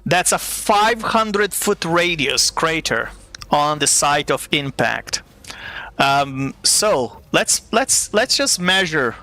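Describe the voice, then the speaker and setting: A man's voice: a little high, lively intonation, slow pace, bright, forceful tone. A man running a live-play tabletop game as game master, narrating scenes in a playful, theatrical way.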